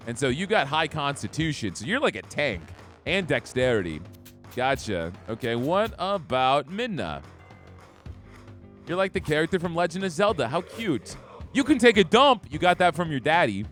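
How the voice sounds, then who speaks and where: A man giving excitable, joking let's-play commentary as a gaming streamer, reading the game text aloud. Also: on the high side. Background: game music.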